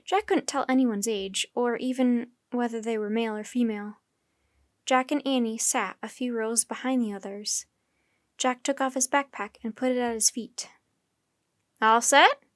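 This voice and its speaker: A woman storyteller reading a children's chapter book aloud in steady, clear narration. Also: a little high, normal speed, no echo, clean studio sound.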